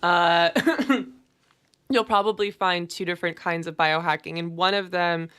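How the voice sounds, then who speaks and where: A woman's voice: lowish voice, unhurried, a bit bright, smooth. A young adult woman co-hosting a casual chat, talking in a chatty way with lots of fillers. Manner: chatty, filler-heavy, laughs easily. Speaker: podcast co-host.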